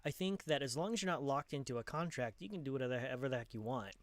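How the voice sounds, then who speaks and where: A man's voice: medium pitch, quick pace. A man hosting a casual podcast interview, easygoing, with frequent short backchannels and reading out viewer questions. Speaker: podcast host.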